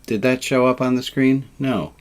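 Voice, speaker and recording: A man leading a relaxed, informal service, joking and self-deprecating, with sarcastic asides. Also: medium pitch, moderate pace.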